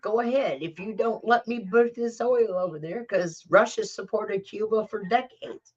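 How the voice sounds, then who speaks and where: A woman's voice: medium pitch, normal speed, dull audio, close to an everyday voice. A woman putting on the voice of a smug foreign strongman who taunts a rival in a condescending, mocking way. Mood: taunting.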